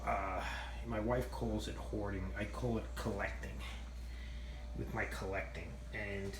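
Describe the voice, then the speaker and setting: A man's voice: lowish voice, fairly even intonation, measured pace, background noise. Rambling man in an echoey shop. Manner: rambling, self-mocking, swears casually. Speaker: channel host showing his machine shop. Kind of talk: casual rambling walk-through vlog. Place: indoor machine shop.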